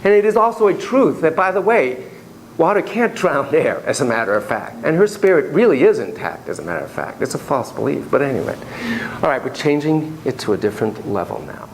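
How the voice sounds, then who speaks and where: Animated man lecturing, lots of asides. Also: fairly high pitch, brisk, creaky, a little hiss or hum, rough recording. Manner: animated, digressive, talks in asides. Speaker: psychotherapy lecturer. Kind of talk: lecture with storytelling. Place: classroom.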